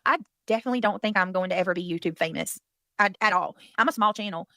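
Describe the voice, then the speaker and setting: A woman's voice: fairly low pitch, fast talker, pushed and bright, no room sound. A woman with a Southern US accent hosting a casual livestream, rambling and chatty as she thanks viewers and curses now and then. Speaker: livestream host.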